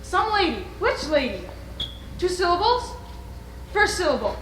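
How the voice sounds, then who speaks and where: A woman's voice: extremely high pitch, big pitch swings, a bit bright, exaggerated voice. A young woman on a school stage playing a chatty court jester, rattling off playful guesses. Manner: quick, playful guessing patter. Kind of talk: amateur stage musical performance. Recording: echoey hall with noisy live ambience.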